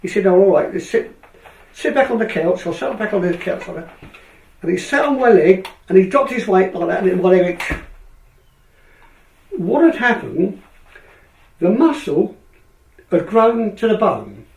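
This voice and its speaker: In a high, unhurried voice with vocal fry and long pauses, an older man who used to race speedway in England tells a long story. He animates it by acting out the others' lines, recorded from a distance in an echoey room.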